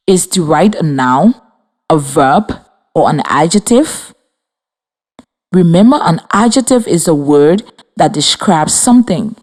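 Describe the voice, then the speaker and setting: A woman from Liberia teaching a children's reading lesson over radio, speaking slowly and clearly with encouragement. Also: lowish voice, a little mellow. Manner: slow, clear, encouraging, spells and claps out words. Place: radio studio with students.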